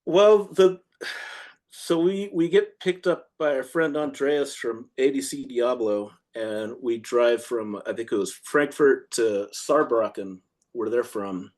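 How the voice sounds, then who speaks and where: A man's voice: mid-range voice, slow, a little mellow. Male punk musician guest, loose rambling storyteller who acts out quotes. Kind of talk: casual storytelling interview.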